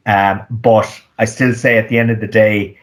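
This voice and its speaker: A man, an economist, giving measured interview answers with frequent ums and restarts. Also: fairly low pitch, flat delivery. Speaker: economist guest.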